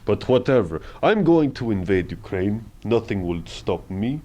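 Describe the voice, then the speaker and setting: A man's voice: on the low side, sing-song, a little slow, warm tone. A man playing a boastful Russian strongman leader in an improv scene, with a put-on Russian accent, broken grammar and pompous threats. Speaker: improv player.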